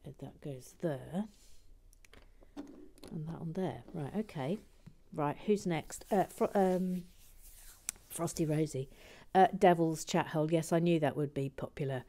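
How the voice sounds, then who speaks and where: A woman with a low voice chats casually while building, reading out viewer messages as she goes. Her tone is soft and self-deprecating. She slips into whispered asides, with plenty of "uh"s and restarts. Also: unhurried, slight background noise. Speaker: livestream host.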